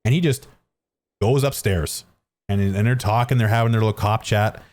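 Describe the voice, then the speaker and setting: A man's voice: on the low side, normal speed, darkish tone. A man tells a story casually while he games at home. He is close on a studio microphone, rambles and restarts his sentences, and keeps poking fun at himself. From Canada. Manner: rambling, self-mocking, frequent restarts and fillers. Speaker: streamer. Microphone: studio dynamic microphone.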